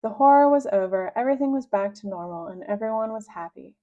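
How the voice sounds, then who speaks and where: A woman reading a children's book aloud with expressive, lively narration. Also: quick pace. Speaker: reader. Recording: dull low-fidelity sound.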